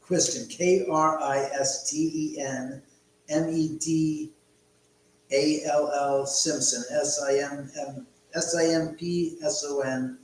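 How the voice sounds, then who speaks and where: A man's voice: on the high side, steady tone, takes it slowly, slight background noise. A man hosting a casual live stream from his house, rambling and swearing freely. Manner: rambling, profane, chatty. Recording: echoey room, distant mic.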